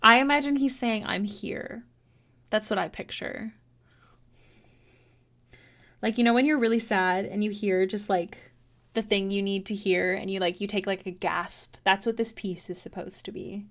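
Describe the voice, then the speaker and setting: A woman's voice: medium pitch, steady tone, normal speed. A woman artist chatting casually with her viewers while drawing on a livestream, encouraging, laughing easily and swearing now and then. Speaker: artist streamer.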